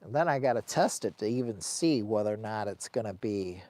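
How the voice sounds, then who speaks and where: A man's voice: fairly low pitch, animated, brisk, darkish tone. A middle-aged man, a camping vlogger, talking casually and emotionally from inside a heated tent on a cold, windy day. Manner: rambling, colloquial, emotional. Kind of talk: casual livestream chat.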